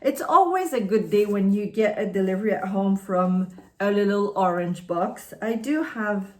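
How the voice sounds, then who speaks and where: A woman's voice: medium pitch, animated, moderate pace, darkish tone. A woman from Canada whose first language is French, chatting in a friendly, rambling way as she unboxes and reviews products on her vlog. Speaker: beauty vlogger.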